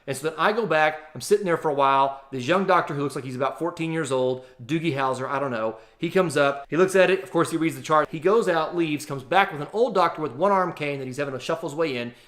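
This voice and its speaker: A man telling a travel story in a casual, animated, exaggerated way to his vlog audience. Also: on the high side, fast talker, few pauses. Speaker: vlogger.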